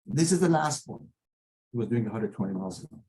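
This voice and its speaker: Husky middle-aged man lecturing teens. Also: fairly low pitch, expressive, fast, mellow, low-quality recording. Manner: earnest, warning, lecturing; non-native English phrasing. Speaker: lawyer. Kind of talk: advisory talk to teenagers.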